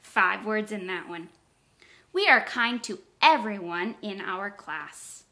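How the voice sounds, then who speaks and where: A woman teacher leading a phonics lesson for young children, speaking slowly and clearly and encouraging her class. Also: medium pitch, sing-song, pushed and bright. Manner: slow, clearly paced, encouraging.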